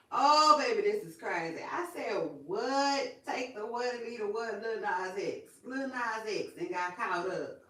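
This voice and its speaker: Sassy woman gossiping straight to camera. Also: mid-range voice. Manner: animated, sassy, repeats her phrases, talks to viewers. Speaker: vlog host. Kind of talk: casual celebrity gossip chat. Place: indoors, in front of a camera. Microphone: camera mic.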